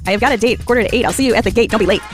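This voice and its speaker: A woman's voice: fairly high pitch, racing, faint music behind. A woman co-hosting a podcast in casual chat, playful and giggly, teasing the others. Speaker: podcast co-host.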